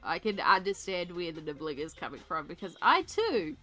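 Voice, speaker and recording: A woman's voice: on the low side, very animated, normal speed, bright, forceful tone, faint music behind. A woman with a congested voice, chatting casually with her livestream viewers while she colours, giggling often and reading out chat names. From Australia.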